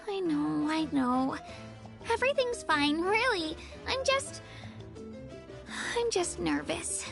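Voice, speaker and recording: A woman's voice: very high-pitched, animated, slow, vocal fry, heavily acted. A shy stammering young bear girl. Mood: nervous. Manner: hesitant, stammering. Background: game music.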